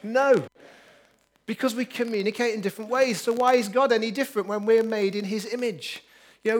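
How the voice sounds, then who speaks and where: A man preaching a lively, upbeat sermon, joking with his congregation. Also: high voice, a little hiss or hum. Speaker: pastor.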